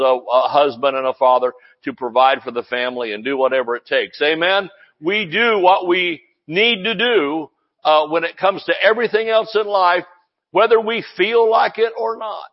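A male pastor preaching a sermon in a lively way, breaking into laughs and hallelujahs. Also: fairly high pitch, highs cut off.

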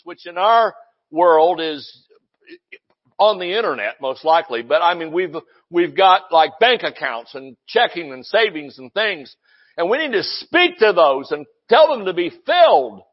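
A man preaching with a high, lively voice that swings up and down as he drives his points home. He shouts at times and jokes with the congregation. The recording sounds muffled and lo-fi. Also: a little slow. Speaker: pastor. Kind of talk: sermon.

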